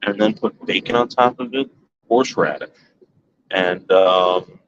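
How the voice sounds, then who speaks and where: A man's voice: deep voice, normal speed, a bit bright, dull audio. A man vlogging to his viewers from his backyard at night, rambling, boastful and crude in casual chat. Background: fan running.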